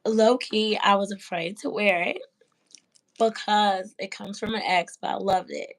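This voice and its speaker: A woman's voice: medium pitch, steady tone, unhurried. A woman hosting a casual interview about fashion, speaking in a thoughtful, encouraging way. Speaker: interviewer, show host.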